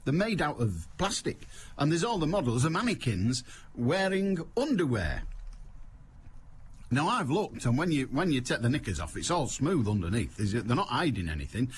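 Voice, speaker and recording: Older Mancunian phone-in host, wry comic patter, animated delivery. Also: male voice, mid-range voice, normal speed, a little hiss or hum. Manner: wry, teasing, laughs at his own jokes. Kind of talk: comic radio monologue. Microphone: studio microphone.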